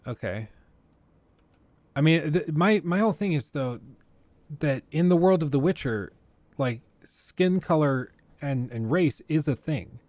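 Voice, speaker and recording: A man hosting a gaming livestream, giving casual, opinionated commentary with animated outbursts into a close desk mic. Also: fairly high pitch, measured pace, no echo.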